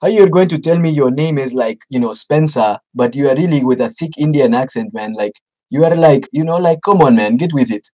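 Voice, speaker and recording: A man's voice: mid-range voice, brisk, dark tone, lightly acted. A man playing a blunt, preachy Nigerian caller in a put-on Nigerian accent, pushing and lecturing on a prank phone call. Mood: mocking. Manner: pushy, lecturing, repeats himself. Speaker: scambaiter.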